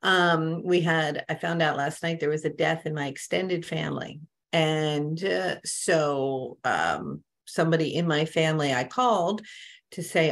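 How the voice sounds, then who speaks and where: A woman's voice: low voice, lively intonation, unhurried. A woman spiritual coach talking casually to a group on an online call, telling stories with many asides. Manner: conversational, storytelling with many asides.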